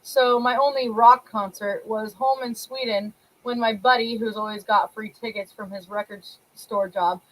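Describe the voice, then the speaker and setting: Young female co-host, high-pitched, easy casual chatter with comment read-outs. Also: steady tone, moderate pace, hardly any pauses, poor audio. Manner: chatty, reading out viewer comments. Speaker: podcast co-host. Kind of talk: casual chat.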